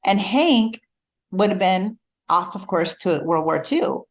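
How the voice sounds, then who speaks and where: A middle-aged woman, an author, telling a personal story in a relaxed conversation, acting out the voices she quotes. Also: mid-range voice, slow. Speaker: author guest. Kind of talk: storytelling in casual chat.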